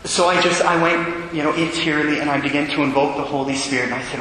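A Catholic priest preaching a sermon, telling a story with earnest feeling and dropping to a hush for the quiet moments. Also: male voice, a little high, steady tone, brisk, slight background noise. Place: church. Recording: echoey church hall.

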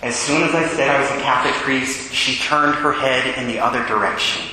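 A man's voice: medium pitch, fairly even intonation, a little fast, noisy background. A man, a Catholic priest, telling a personal story in a homily, acting out his own thoughts and the dialogue. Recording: echoey hall with long reverb.

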